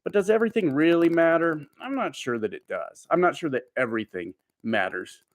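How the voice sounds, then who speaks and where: A man's voice: a little high, animated, brisk, dry recording. Rambling trucker man chatting on a stream. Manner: rambling, reads viewer comments aloud, frequent fillers. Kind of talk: casual live-stream chat. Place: at home.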